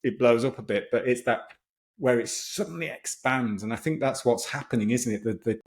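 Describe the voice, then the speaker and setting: A man's voice: mid-range voice, fairly quick, slightly rough. A man who coaches breathwork, explaining it as a podcast guest in an enthusiastic, chatty way with frequent restarts.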